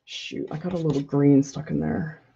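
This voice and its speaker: A woman's voice: deep voice, fairly even intonation, moderate pace, gravelly, warm tone, breathy edge. A woman art professor painting live, thinking aloud casually and critiquing her own work, laughing often as she answers viewer questions. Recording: slightly dull lo-fi sound.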